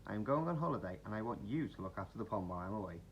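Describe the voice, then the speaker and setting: A man reading as a brisk motherly goose. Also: lowish voice, lively intonation, muffled recording, a little hiss or hum. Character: kindly female goose, pond's keeper.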